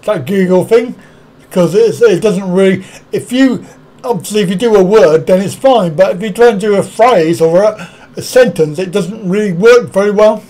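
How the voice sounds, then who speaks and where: A man's voice: high voice, normal speed, warm tone. A man hosting a casual live stream, rambling, chuckling often and answering viewers' comments one by one.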